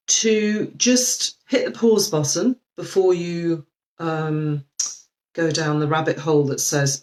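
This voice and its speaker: Slow, reflective woman coach. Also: on the low side, low-quality recording. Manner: gentle, reflective, with many ums and restarts. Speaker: life coach. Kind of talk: live video talk.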